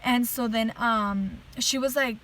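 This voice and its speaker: Chatty woman with a higher voice. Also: unhurried, a little hiss or hum, poor audio. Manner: chatty, heavy use of "like" fillers; earnest and animated while retelling a dream. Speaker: person giving a religious testimony. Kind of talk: casual storytelling to camera.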